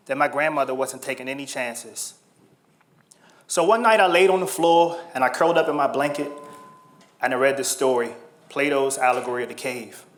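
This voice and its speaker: A man in his thirties from Washington, D.C., giving a motivational talk as a story, in slow, measured phrases that often drop to a soft, quiet tone. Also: mid-range voice. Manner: measured, slow storytelling with dramatic pauses and soft, dropped lines. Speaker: speaker.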